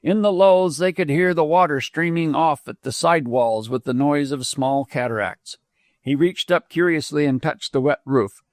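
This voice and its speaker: A man narrating an audiobook with measured, expressive reading. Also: on the high side, no room sound, studio quality. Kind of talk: scripted narration.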